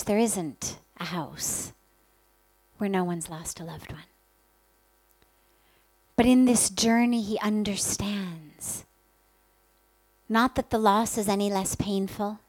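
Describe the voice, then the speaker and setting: A woman's voice: medium pitch, dry recording, poor audio. A woman spiritual teacher giving an earnest talk, telling stories and stacking up lists. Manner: earnest, gentle storytelling with many lists.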